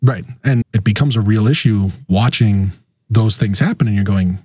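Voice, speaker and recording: Husky low-voiced man in casual chat. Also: moderate pace, no echo. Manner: animated, acts out quoted voices with big pitch jumps.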